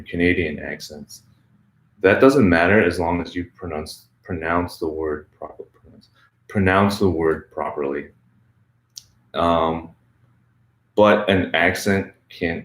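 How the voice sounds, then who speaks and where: A man with a deep, low voice answers viewer questions about learning English in a loose, chatty way, dropping plenty of "like" and "um". He sounds like a friendly teacher talking off the cuff. The sound is roomy and echoey. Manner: relaxed, chatty, lots of "like" and "um". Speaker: English teacher, channel host.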